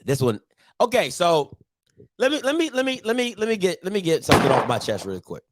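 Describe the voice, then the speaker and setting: A man's voice: sits high, very animated, a little fast, heavy background noise. A man hosting a casual football recap, ranting and talking straight to his viewers. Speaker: sports show host.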